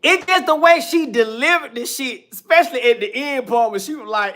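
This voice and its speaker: A woman's voice: sits high, animated, a little fast, few pauses, a bit bright. A woman giving casual reaction commentary, blunt and profane, ranting at length.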